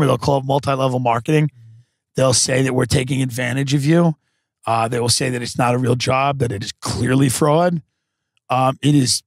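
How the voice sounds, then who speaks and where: A man hosting a podcast, rambling through a comedic mock sales pitch with many restarts. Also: no echo, studio quality. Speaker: podcast host.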